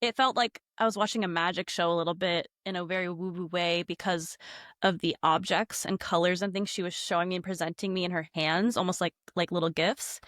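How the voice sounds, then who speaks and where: A woman's voice: fairly low pitch, brisk, dry recording, studio quality. A woman guest on a podcast telling a ghost story casually, acting out quotes and saying "like" a lot. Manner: animated, acts out quotes, many "like" fillers.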